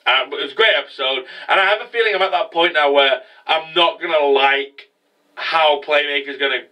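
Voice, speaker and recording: Bright-voiced man, rambling and swearing. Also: a little high, brisk, recorded from a distance, rough recording. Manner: rambling, profane, many fillers. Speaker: anime reviewer. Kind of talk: casual episode recap.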